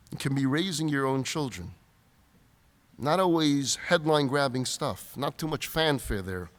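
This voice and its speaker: A man, a rabbi, giving a sermon-style talk at a retreat, telling stories with emphasis on a stage microphone. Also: mid-range voice. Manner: animated storyteller, emphatic. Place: large event hall, live audience. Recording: reverberant hall.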